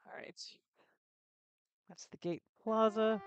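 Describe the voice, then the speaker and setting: A woman's voice: lowish voice, moderate pace, pauses often, dull audio, a little hiss or hum. A woman streaming herself playing a video game, chatting casually to her viewers and talking to herself with frequent restarts. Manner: chatty, rambling self-talk with frequent restarts. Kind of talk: casual live-stream commentary.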